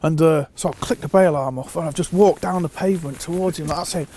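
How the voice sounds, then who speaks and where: A man telling a fishing anecdote in a casual, animated way, acting out the quotes. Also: a little high, a little fast. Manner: animated storyteller who acts out quotes. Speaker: fishing consultant.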